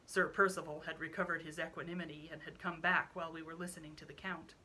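A woman pastor narrating a classic novel in a steady, measured storytelling voice. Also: deep voice, a little hiss or hum, poor audio. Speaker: pastor reading aloud. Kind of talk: audiobook narration.

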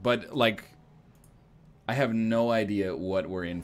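A man's voice: lowish voice, slow, long pauses. A man joking and thinking aloud as he plays a strategy game, giving casual gameplay commentary. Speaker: gaming streamer.

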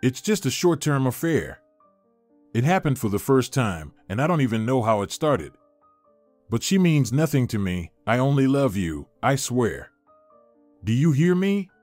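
A man puts on a blustering, cheating husband, his voice pushed high and loud as he squawks and begs. The storybook figure swings wildly in pitch, caught out and flustered. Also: big pitch swings, measured pace, no echo, soft background music. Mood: pleading. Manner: shouting, flustered, pleading.

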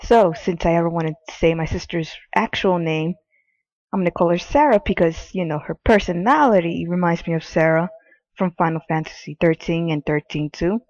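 A woman's voice: on the low side, normal speed, a little mellow, no echo, dull audio. A young woman with a cold giving casual, swearing gameplay commentary from her bed, exasperated and rambling. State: sick, coughing. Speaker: gaming video creator. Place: bedroom.

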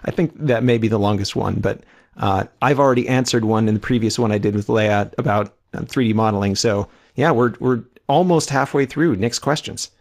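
A man's voice: fairly low pitch, fairly quick, darkish tone. A man co-hosting a podcast, reading listener mail aloud in an easygoing, casual way. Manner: easygoing, reads letters aloud.

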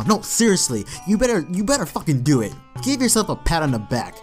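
A man YouTuber delivering a profane, mocking comedic rant to his viewers. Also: on the high side. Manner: profane, mocking, animated ranting.

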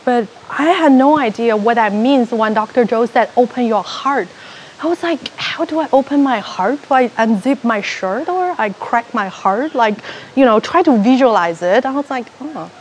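A woman from China, giving an animated personal testimony and acting out her own past thoughts as she tells her story. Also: sits high, a little hiss or hum. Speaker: retreat participant.

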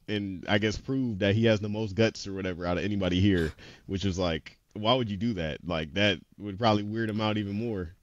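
Man, low voice, casual rambling recap, laughs a lot, dull lo-fi dry recording. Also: a little fast, no echo. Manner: rambling retelling with many "he was like" quotes; laughs often. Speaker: podcast co-host. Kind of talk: casual anime episode recap.

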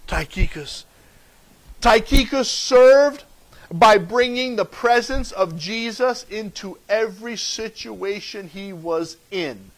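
A pastor delivers his sermon in a fairly high male voice. He preaches emphatically, repeating key phrases and swinging between loud declarations and hushed asides. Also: low-quality recording.

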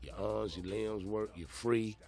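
A man hosting a podcast, telling a story in a rambling, profane, animated way, full of "you know what I'm saying" fillers. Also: fairly low pitch, measured pace, soft background music. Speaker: podcast host. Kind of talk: casual storytelling monologue.

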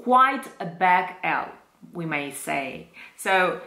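This is an Italian-accented woman teaching diction, her voice sitting a little low. She speaks very slowly and deliberately, sounding out each word and repeating it. The room around her is roomy and echoing. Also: expressive, sharp tone. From Italy. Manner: models words slowly and repeats them. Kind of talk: slow, careful diction lesson.

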